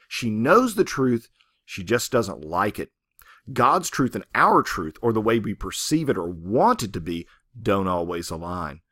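Brief: male literature teacher, conversational, lively pitch, dry close sound. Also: dry recording. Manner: conversational, checks in with "right?". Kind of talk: lecture on a short story.

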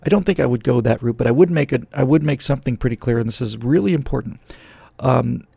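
A man's voice: medium pitch, fast, gravelly, dark tone, husky, no echo. A middle-aged man hosting a show, answering viewer questions in a sarcastic, opinionated political rant close to a studio microphone. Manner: sarcastic, ranting, jumps into mocking voices.

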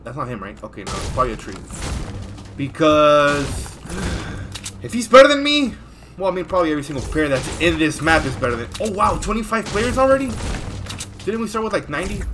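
A man giving live commentary as he plays a video game, jumpy and excitable, full of exclamations. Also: a little high, quick pace, noisy background. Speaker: gaming streamer.

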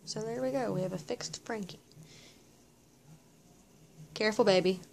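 A woman's voice: mid-range voice, normal speed, gravelly, a little mellow, a little hiss or hum. A woman chatting casually in a vlog, cooing baby talk at her cat, first from a car and then at home. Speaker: pet owner vlogger.

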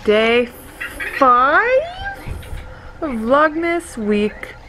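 A woman's voice: fairly high pitch, slow, background noise. Gushing young woman vlogging at home. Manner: gushing and excitable. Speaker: vlogger and mother. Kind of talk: casual home vlog. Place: family home.

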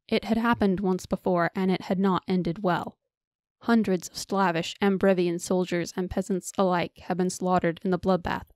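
A woman narrating a fantasy audiobook with steady storytelling on a close mic. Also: lowish voice, no echo. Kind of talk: scripted narration.

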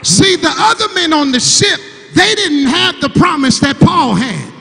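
A man's voice: very high-pitched, sing-song, a little slow, creaky, pushed and bright. A grieving man preaching a call-and-response sermon to his congregation, repeating words for emphasis and pressing the room to answer back. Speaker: preacher, son of the late pastor. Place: large church sanctuary. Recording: church sanctuary with long reverb.

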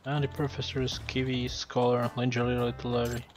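A man's voice: medium pitch, completely flat delivery, fairly quick, lightly acted. Brief: campy pompous male villain, read by a male player, theatrical and boastful, faint music under. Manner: grandiose, melodramatic reading of lines.

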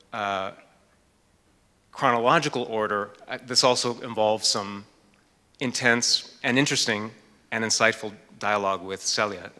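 Man on a museum panel, lowish voice, bright tone, thoughtful and full of pauses. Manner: thoughtful, hesitant with frequent fillers. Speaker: author and art historian. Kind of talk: panel discussion. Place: lecture hall. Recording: reverberant hall.

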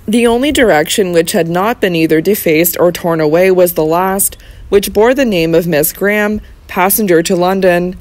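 An audiobook narrator giving a measured, even reading of a Victorian novel. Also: mid-range voice, dry recording.

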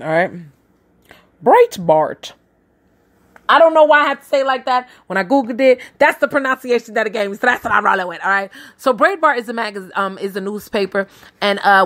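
A sassy woman hosts a casual news commentary show. She talks straight to her listeners, drops slangy asides and keeps things loose and chatty. Her voice sits in a middle range for a woman. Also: mid-range voice. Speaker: podcast host.

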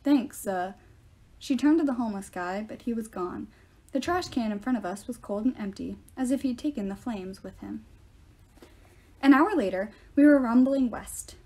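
A woman reading a novel aloud in steady first-person storytelling. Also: on the high side, moderate pace. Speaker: reader.

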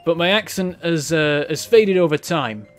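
A fairly high-voiced man from northern England commentates his game live on stream, musing aloud and answering his chat. He breaks into exasperated outbursts when things go wrong, with faint game music playing behind him. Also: animated, moderate pace. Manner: thinks aloud, reading chat, bursts of frustrated exclamations.

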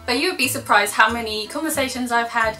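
Talking fast in a fairly high voice, a young Russian vlogger chats to camera with sarcasm and frequent laughter. The sound is echoey and distant, with music playing in the background.

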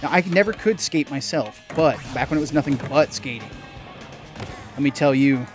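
A young man, a gaming channel host, giving casual gameplay commentary, chatty and excitable, swearing mildly and yelping when things go wrong. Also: moderate pace. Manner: excitable, bursts into high yelps and laughs at mistakes. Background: faint game music.

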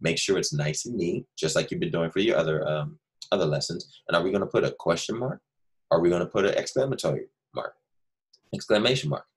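A deep-voiced man teaches first graders through a recorded screen-share lesson. His voice is low and a little husky, and he talks slowly and patiently, reading example sentences aloud with lively stress, as if to small children.

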